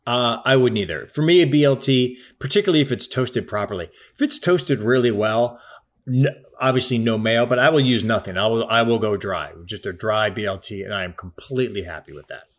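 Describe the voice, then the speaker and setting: A man's voice: mid-range voice, fairly quick. A man talking in a casual, emphatic chat, swearing now and then.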